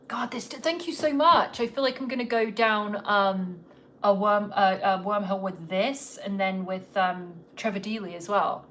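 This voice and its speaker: A woman's voice: medium pitch, steady tone, normal speed, a bit bright, slight background noise. Chatty English woman hosting a livestream. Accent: English, slightly Americanized. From England. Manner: chatty, self-deprecating, rambling. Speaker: podcast host. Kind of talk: casual livestream chat. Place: home in Los Angeles.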